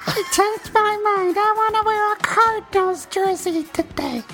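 A man putting on the voice of a small child pleading with their father, high and drawn out, on a podcast with faint music behind. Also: normal speed, pushed and bright, full character voice.

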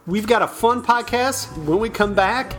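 A middle-aged man co-hosting a casual sports and beer podcast, animated and jokey, prone to mocking outbursts. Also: very high voice, normal speed, soft background music. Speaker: podcast co-host.

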